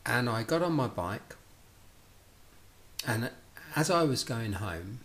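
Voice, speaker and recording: A middle-aged man spins a personal story in a mid-pitched voice. He talks in an animated way, acting out both sides of conversations and often restarting his sentences. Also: slow. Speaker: speaker telling his life story.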